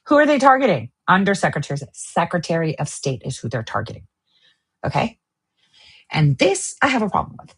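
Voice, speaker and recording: A woman's voice: fairly low pitch, very animated, fairly quick, fairly bright tone, husky. A woman hosting a political commentary show, ranting in a heated, profane, sarcastic way. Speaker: host.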